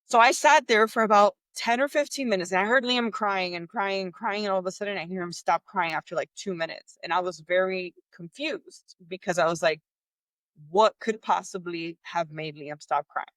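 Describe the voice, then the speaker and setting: A woman's voice: mid-range voice, normal speed, no echo. A woman hosting a podcast, telling a personal story candidly and with frustration, acting out the voices of the people in it. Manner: candid, animated, acts out quoted dialogue; exasperated, frustrated. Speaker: podcast host.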